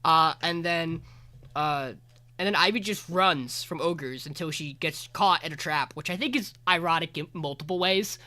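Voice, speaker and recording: A man's voice: fairly high pitch, moderate pace, pushed and bright. A man co-hosting a podcast, giving a rambling, casual anime episode recap full of fillers and the odd swear. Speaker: podcast co-host.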